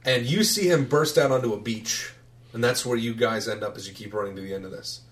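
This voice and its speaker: A man's voice: mid-range voice, brisk. A man narrating as game master of a tabletop game, in a loose, casual way with some swearing.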